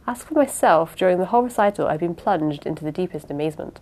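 A woman reading a first-person mystery novel aloud in a plain, steady storytelling manner. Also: deep voice, quick pace, hardly any pauses. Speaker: audiobook narrator.

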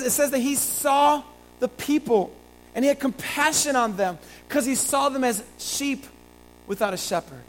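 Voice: mid-range voice, slight background noise, low-quality recording. A pastor preaching a sermon, earnest, repeating phrases and building to emphatic peaks.

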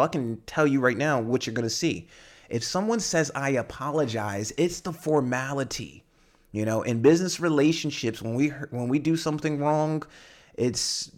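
A man hosting a podcast for English learners, explaining language in a rambling way with many fillers and tag questions. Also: mid-range voice. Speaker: podcast host and English teacher. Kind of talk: casual teaching monologue.

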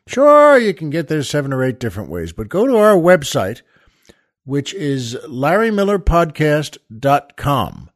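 A man's voice: fairly high pitch, very animated, unhurried. A man hosting a podcast, telling jokes in a rambling, chuckling way with many restarts and fillers. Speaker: podcast host. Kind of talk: casual joke telling.

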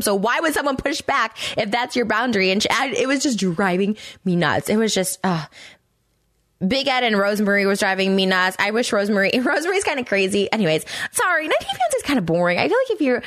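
A woman hosts her own podcast in a quick, blunt monologue full of swearing and fillers. Her voice leaps higher when she gets worked up. The recording is close and dry, with no room echo. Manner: blunt, profane, rambling with many fillers; animated, pitch jumping high when worked up. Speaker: podcast host. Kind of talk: casual commentary monologue.

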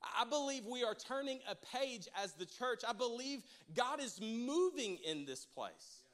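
A man with a high, light voice preaches in a church, spinning a funny personal story with lots of back-and-forth with the congregation. His delivery is animated and playful, then settles into earnest exhortation. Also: measured pace. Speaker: pastor.

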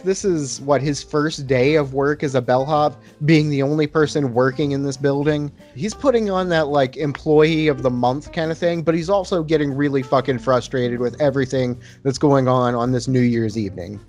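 A man on a casual podcast, talking through a film in relaxed, rambling explanations full of fillers. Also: mid-range voice, moderate pace, hardly any pauses, soft background music.

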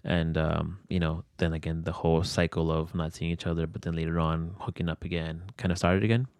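Low-voiced young man rambling candidly. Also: little pitch movement, fairly quick, a little mellow, no room sound, studio quality. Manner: rambling, filler-heavy, swears freely. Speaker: interviewee telling a personal story. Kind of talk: candid conversational storytelling.

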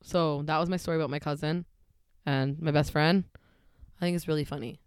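A woman in her twenties chatting casually, relaxed, with short replies and casual swearing. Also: low-pitched, brisk, clean tone, no echo, studio quality. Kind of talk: casual chat.

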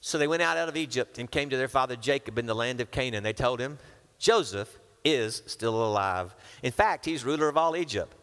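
A man's voice: medium pitch, fairly quick, smooth. A man preaching, his voice carrying a long reverb tail from a large hall. He reads scripture aloud, then drops into casual, playful asides where he voices the characters himself. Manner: lively, acts out characters with casual modern asides. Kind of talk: sermon with Bible reading.

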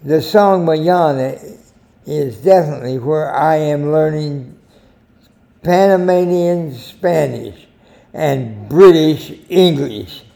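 An older American man hosting a short editorial, telling anecdotes in a slow, deliberate storytelling manner. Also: a little high, creaky, mellow. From United States. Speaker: editorial host.

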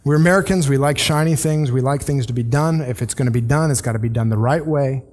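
Speaking fast at medium pitch with a darkish tone, a male pastor gives a chatty sermon in a church sanctuary. Sentences get restarted often, and he voices the people he quotes.

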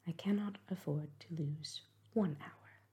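A woman voicing a reserved, formal gentleman colonel in a whispered role-play reading. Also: deep voice, a little slow. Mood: grave.

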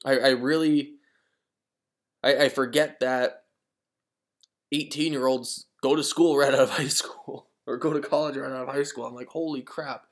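A man's voice: mid-range voice, flat delivery, normal speed, long pauses. A man in his twenties, a podcast host, telling a casual story on his own, rambling and repeating words as he acts out friends' lines. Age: 20s.

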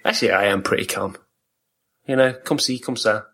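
A man's voice: lowish voice, fairly quick, breathy edge. A man from England co-hosting a podcast, joking and rambling in casual chat. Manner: animated, joking, rambling storyteller. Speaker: podcast co-host.

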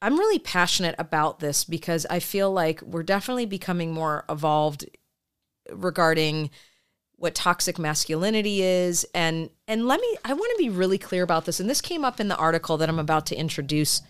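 A woman's voice: lowish voice, lively intonation, fairly quick, clear, resonant tone. A woman co-hosting a podcast, a therapist who talks casually and rambles with fillers and restarts. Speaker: podcast co-host. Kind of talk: casual chat.

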